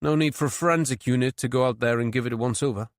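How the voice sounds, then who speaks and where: A man's voice: mid-range voice, racing, no echo, lightly acted. A man reading an audiobook, voicing a dry, clipped senior male detective in charge.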